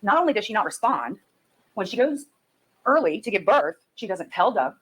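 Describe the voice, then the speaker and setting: A woman prosecutor giving a closing argument to a jury, building her case methodically and forcefully. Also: medium pitch, big pitch swings, moderate pace, husky, low-quality recording.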